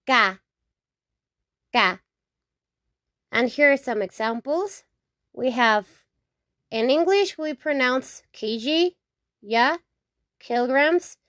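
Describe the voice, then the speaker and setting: A woman teaching the Spanish alphabet, saying each word slowly several times and checking in with "okay?". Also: a little high, dry recording, studio quality. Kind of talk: slow alphabet lesson with repetition.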